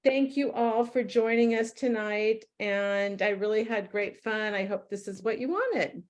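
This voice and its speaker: A woman's voice: medium pitch, measured pace, a little hiss or hum. A middle-aged woman presenting a leadership workshop, chatting casually and telling stories with quoted dialogue. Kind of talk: casual talk to a group.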